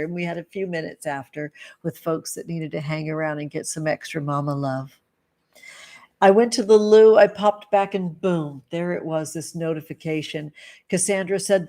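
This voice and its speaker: A woman's voice: lowish voice, a little mellow. A woman hosting a casual livestream, gushing and affectionate, greeting viewers by name and calling them pet names. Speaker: livestream host, tarot reader and witch.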